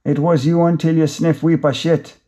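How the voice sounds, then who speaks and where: A man voicing a scornful Jamaican gang enforcer who speaks in a slow, contemptuous drawl with a Jamaican accent. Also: on the high side, little pitch movement, dark tone, pitched above the performer's own voice, lightly acted.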